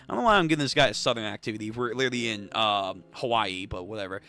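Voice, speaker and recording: A young adult man hosting a manga read-through, reacting excitedly, swearing and laughing often. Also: on the low side, very fast, hardly any pauses, smooth.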